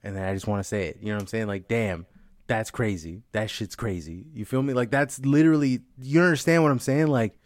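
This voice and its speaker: Young guy from the bay, lowish voice, rambling and swearing, casual podcast banter, dry mic. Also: brisk, no echo. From San Francisco Bay Area. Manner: rambling, profane, many "you know what I'm saying". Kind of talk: casual comedic chat.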